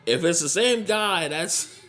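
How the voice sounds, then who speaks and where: Excitable man reacting with bright tone. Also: high voice, slow pace. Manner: excitable, laughs often, swears freely. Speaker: wrestling reaction vlogger. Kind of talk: casual reaction commentary.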